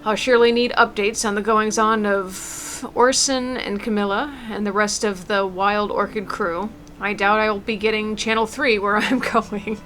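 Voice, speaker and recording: A woman reading aloud as an elderly mother, gentle and tender, with small stumbles. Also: medium pitch, steady tone, unhurried, few pauses, slight background noise, lightly acted. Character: elderly mother writing a farewell letter. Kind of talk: reading a game letter aloud.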